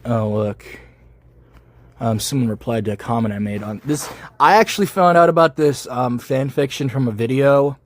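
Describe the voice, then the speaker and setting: A man's voice: medium pitch, moderate pace. Sarcastic man reading fanfic aloud. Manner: sarcastic, deadpan asides. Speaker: YouTuber reading fan fiction. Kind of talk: comedic reading with reaction commentary.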